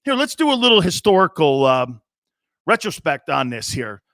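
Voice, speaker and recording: Middle-aged male sports talk host, high bright voice, animated sarcastic rant, dry close sound. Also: moderate pace, dry recording. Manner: animated ranting, sarcastic, mocking mimicry. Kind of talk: opinionated sports commentary.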